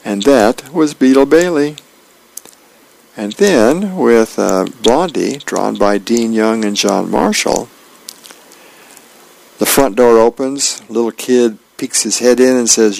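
A man, a volunteer reader, reading the newspaper aloud for a radio reading service in a plain, unhurried way with small hesitations. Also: fairly low pitch, expressive, creaky, darkish tone, low-quality recording.

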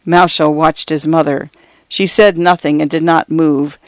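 A man narrating literary fiction in a measured first-person reading. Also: on the high side, little pitch movement, no room sound. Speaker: audiobook narrator.

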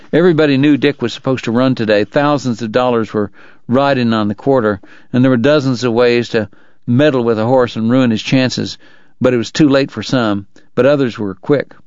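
A man narrating a novel aloud for a radio book program, in a measured, dramatic delivery. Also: medium pitch, a little mellow, no room sound, muffled recording. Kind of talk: audiobook narration.

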